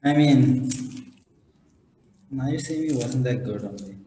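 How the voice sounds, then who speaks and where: A man's voice: mid-range voice, unhurried, mellow. A man co-hosting a podcast, chatting in a laid-back way and laughing along. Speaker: podcast co-host. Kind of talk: casual chat. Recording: echoey room with faint noise.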